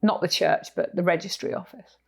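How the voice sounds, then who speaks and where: A woman's voice: fairly low pitch, fairly even intonation, a little fast, creaky, breathy edge. A woman from Cornwall with a Cornish English accent, co-hosting a casual podcast chat and telling stories with frequent laughs. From Cornwall, England. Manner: chatty storyteller, laughs often. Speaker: podcast co-host. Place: sofa in a rented house.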